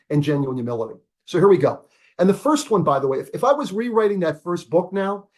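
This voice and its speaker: High-voiced, emphatic older man lecturing. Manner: emphatic and energetic, repeats key words, asks rhetorical questions. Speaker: business school professor. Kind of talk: lecture-style talk over a video call.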